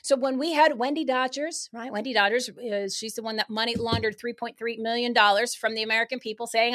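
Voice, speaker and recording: A woman guest on a talk show speaking in a fired-up, emphatic, rapid way. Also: on the high side, steady tone, a bit bright. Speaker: guest activist. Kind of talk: casual talk-show chat.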